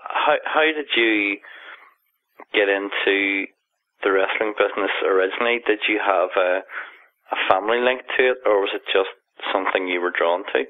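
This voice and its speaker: Irish male interviewer, low voice, halting questions, heard through a thin phone line. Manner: hesitant, repeats words while asking. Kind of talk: casual interview.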